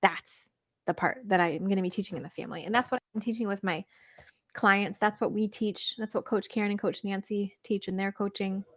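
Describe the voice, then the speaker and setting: A woman coach chatting through a livestream Q&A, reading viewer comments and answering in an animated, laughing way with lots of fillers. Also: mid-range voice, a little fast, no room sound, clean studio sound. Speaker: weight-loss coach.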